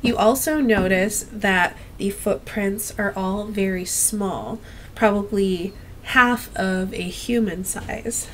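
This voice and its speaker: A woman narrating as game master of a tabletop game, slow and relaxed, with a cough. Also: medium pitch, a little hiss or hum.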